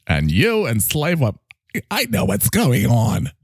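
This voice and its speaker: A man voicing a cocky, needy male talking microphone that swoops in pitch and bursts into shouts. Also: wildly swooping pitch, slow pace, slightly rough, dry recording, studio quality, exaggerated voice. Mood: gushing. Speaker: podcast co-host character. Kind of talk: improvised comedy bit.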